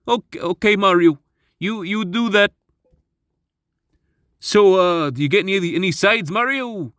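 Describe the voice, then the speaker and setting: Luigi, as a man does him, jittery and high. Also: fairly bright tone, dry recording, studio quality. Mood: eager. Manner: hurried and eager, stammering. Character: jittery adult plumber brother, eager.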